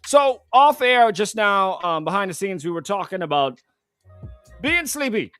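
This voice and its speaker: Lively high-voiced Caribbean radio host. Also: male voice, a little slow, dry recording, clean studio sound, faint music behind. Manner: animated storytelling, drops into voices for quoted people. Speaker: radio morning show host. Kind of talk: casual radio banter. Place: radio studio.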